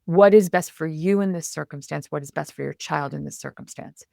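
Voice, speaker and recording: A woman guest on a podcast, a communication coach talking in an animated, expressive way and acting out her inner self-talk. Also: low voice, a little fast, gravelly, no echo, clean studio sound. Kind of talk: conversational interview.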